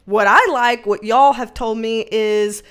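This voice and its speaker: Slow-talking Southern American woman. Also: a little high, a bit bright, clean tone. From Southern United States. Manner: laughs often, chatty and slangy. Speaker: livestream host. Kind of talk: casual livestream chat reading viewer comments.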